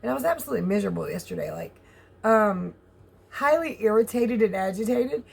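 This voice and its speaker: A woman's voice: mid-range voice, lively intonation, fairly quick, gravelly, slightly rough. A woman with a Southern US accent in a chatty, candid vlog, laughing often and swearing casually as she rambles. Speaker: vlogger.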